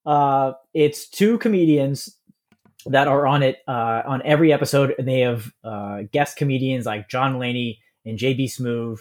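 A man co-hosting a podcast, talking in a relaxed and enthusiastic way with frequent pauses to think. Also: mid-range voice. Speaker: podcast co-host. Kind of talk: casual chat.

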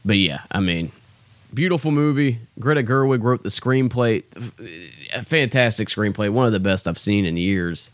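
A man's voice: on the low side, expressive, normal speed, no room sound. A young man hosting his own podcast, rambling in a casual, self-deprecating way with lots of fillers. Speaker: podcast host. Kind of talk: casual solo podcast chat.

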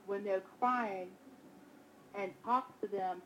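A woman, a mother, talking casually in conversation, animated and often restarting her sentences. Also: mid-range voice, slow, a little hiss or hum, low-quality recording. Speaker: guest, mother.

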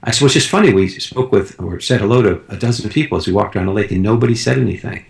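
A man's voice: fairly low pitch, fast talker, creaky. A man in casual conversation, telling a rambling personal story with frequent restarts. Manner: rambling anecdotes with many restarts.

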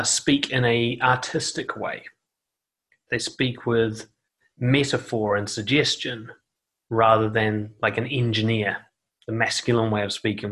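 A man's voice: mid-range voice, a bit bright. A man giving blunt, casual dating advice, swearing freely and acting out quoted voices, seated indoors. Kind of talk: casual advice monologue to camera. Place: seated indoors on a noisy chair.

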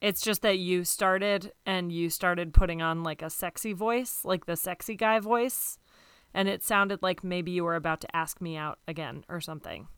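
A woman's voice: on the low side, moderate pace, a bit bright, clear, resonant tone. A woman in an improvised comedy scene, talking in a hesitant, politely evasive way.

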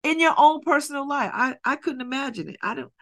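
A middle-aged woman hosting a radio show, talking in an animated, repetitive way with laughing asides. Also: sits high, a little fast. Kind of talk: casual monologue. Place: radio studio.

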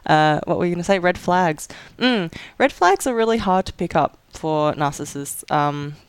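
Chatty podcast co-host, crisp and dry. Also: mid-range voice, expressive, normal speed, no room sound. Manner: chatty, lots of likes and restarts. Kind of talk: casual chat.

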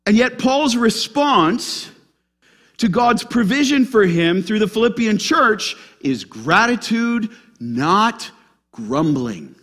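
A male pastor preaches in a church with a high, bright voice. His pitch leaps up and drops low all through, and he keeps putting questions to the congregation. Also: sing-song, slow pace. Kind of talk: sermon.

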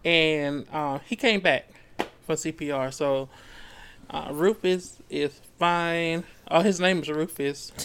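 A man's voice: on the high side, steady tone, slow pace, a bit bright, clear, resonant tone. A man co-hosting a book club podcast, recapping a novel in loose, profane casual chat and acting out the characters' lines, laughing easily.

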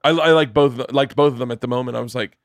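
A fast-talking, middle-aged podcast host with a medium-pitched voice tells stories in a casual chat, animated and voicing the people he quotes. The recording is dry and studio quality.

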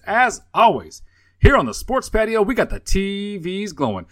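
Lively, teasing male podcast host. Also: on the high side, unhurried. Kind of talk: sports podcast banter.

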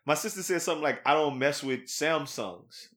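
A man hosting a podcast, chatting casually in an animated, slangy way with lots of laughter. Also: a little high, moderate pace. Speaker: podcast host. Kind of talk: casual chat.

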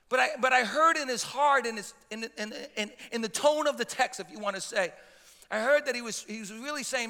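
High, bright-voiced pastor preaching in a reverberant hall. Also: male voice, fairly quick. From Italian heritage. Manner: impassioned, repetitive stammering restarts. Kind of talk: sermon.

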